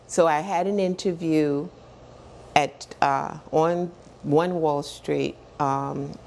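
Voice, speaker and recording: A woman in her sixties with a low, gravelly voice tells her story as an interview guest. She talks with animated energy, slips into the voices of people she quotes and laughs often. A faint hum of room noise sits underneath. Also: slow. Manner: animated storyteller who acts out quoted dialogue and repeats words as she builds up.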